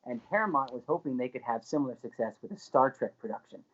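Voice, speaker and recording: A man guest on a podcast, telling an anecdote in a lively way and laughing along as he goes. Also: mid-range voice, fast talker, slightly rough, lo-fi sound. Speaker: guest, actor.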